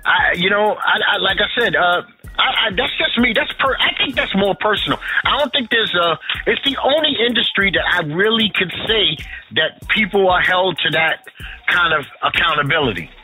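A high, very lively man from Harlem holds forth in a loose, profane chat, tripping over restarts as he pushes his opinions. His voice is sharp and bright, with faint music playing behind him. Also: moderate pace, husky, low-quality recording. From Harlem, New York. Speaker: podcast co-host. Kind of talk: casual chat.

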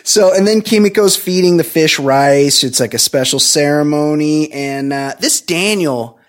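Podcast co-host, male, slightly higher voice, loose and profane comic retelling. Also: measured pace. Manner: profane, rambling, does mock voices of characters. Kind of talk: comedic movie recap.

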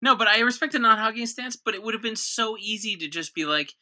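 Guy on a comedy podcast, laid-back, very bright sharp voice. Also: high voice, lively intonation, fast, hardly any pauses. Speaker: podcast co-host. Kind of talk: casual comedic chat.

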